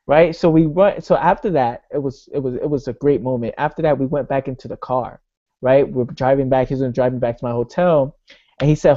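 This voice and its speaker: Man, motivational speaker, casual and punchy, warm tone, dull lo-fi sound. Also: fairly high pitch, moderate pace. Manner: energetic storytelling, fillers like "right?" and "bro".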